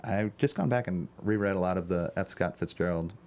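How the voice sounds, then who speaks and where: A man's voice: deep voice, brisk, a little mellow. A man from Chicago, an actor as a guest, chatting casually in a studio interview and telling rambling, jokey stories.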